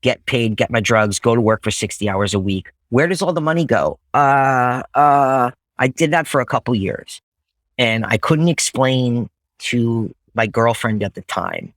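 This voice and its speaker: A man's voice: mid-range voice, a bit bright, dry recording. A young man telling his recovery story to a group, swearing bluntly and acting out old conversations as he speaks. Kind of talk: candid personal testimony in a group.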